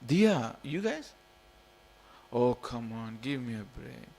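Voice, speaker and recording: A man's voice: medium pitch, very animated, slow pace, gravelly, darkish tone. A man in his forties, originally from India, giving an informal, jokey scripture class in a temple hall, repeating phrases and coaxing his listeners. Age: 40s. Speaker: temple speaker.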